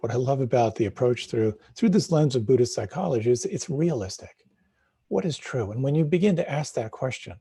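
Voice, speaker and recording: A man's voice: mid-range voice, mellow, breathy edge, no room sound, studio quality. A middle-aged man giving a live meditation talk, reflective, asking questions aloud and circling back on his words. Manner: reflective, asks questions aloud, repeats words when restarting. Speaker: meditation teacher.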